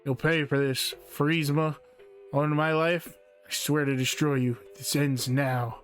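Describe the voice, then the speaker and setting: A man acting out a furious, muscle-bound cartoon fighter, who swears revenge in slow, heavy, dramatic words. Faint music sits beneath the voice. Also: fairly high pitch, level tone, natural voice. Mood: vengeful.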